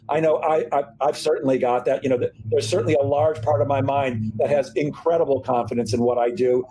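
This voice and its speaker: A man hosting an interview podcast, talking in an animated way with stumbling restarts and self-deprecating asides. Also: medium pitch, fairly quick, hardly any pauses, a little hiss or hum, rough recording. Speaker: podcast host. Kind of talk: interview conversation.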